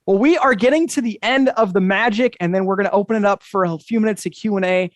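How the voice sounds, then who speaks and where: A man's voice: high voice, quick pace, dry recording. A man hosting an interactive magic show over a video call, talking to the audience with upbeat, enthusiastic patter. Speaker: magician and host.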